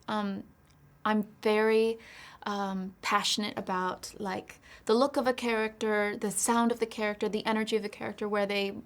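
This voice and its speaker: A woman in a film press interview, speaking in a middle-pitched voice. She answers thoughtfully and candidly, working through her ideas at length and reflecting as she goes. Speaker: actress being interviewed.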